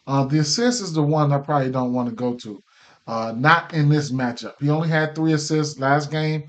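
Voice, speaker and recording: A man's voice: fairly high pitch, normal speed. A man hosting a casual sports betting picks show, talking loosely with many fillers and restarts, and he has the hiccups. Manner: loose, filler-heavy, repeats himself.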